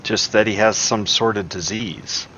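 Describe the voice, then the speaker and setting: A man playing in a tabletop game, speaking in a halting way. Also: lowish voice, steady tone, pushed and bright, soft background music. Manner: slow, halting. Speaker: player. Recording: dull lo-fi mic.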